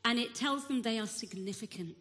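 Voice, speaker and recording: Woman preacher, slightly high voice, expressive storyteller, long hall reverb. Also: fairly quick. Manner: expressive storytelling, acting out the crowd's shouts. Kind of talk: sermon.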